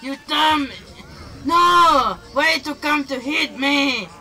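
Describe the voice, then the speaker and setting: A man, from the Philippines, voicing a hot-tempered young male anime hero who yells insults and threats while gaming. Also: extremely high pitch, slow pace, a faint crowd, voice pushed up, full character voice, low-quality recording. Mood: raging. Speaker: gamer. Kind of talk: voice-trolling gameplay.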